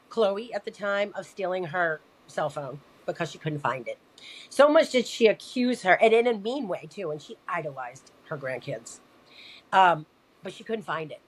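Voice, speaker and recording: A woman with a somewhat low voice recounts a personal story in an easy conversational way. She is animated and slips into the voices of the people she quotes. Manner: animated, acts out quoted dialogue. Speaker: podcast guest.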